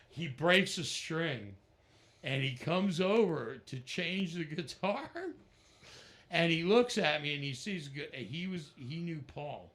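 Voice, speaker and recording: A middle-aged guest musician with a fairly high voice takes his time, pausing often. In this casual interview he's a lively storyteller who imitates the voices of the people he describes.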